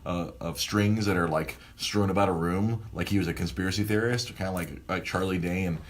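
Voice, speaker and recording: A man hosting a casual podcast, telling a rambling, animated story full of restarts. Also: low voice, fairly quick. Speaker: podcast host.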